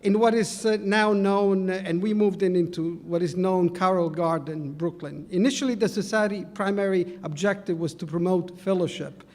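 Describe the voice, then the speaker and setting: A man with a heavy Italian accent, Italian his first language, giving an earnest, somewhat halting acceptance speech for his society. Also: high voice, steady tone, darkish tone, big-room sound. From Italy. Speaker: honoree society president.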